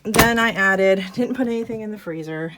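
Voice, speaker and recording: A woman's voice: mid-range voice, moderate pace, very noisy. A woman vlogging casually inside her RV, chatty and laughing at herself, out of breath from the chores. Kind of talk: casual vlog, talking to camera while doing chores. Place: inside a small RV.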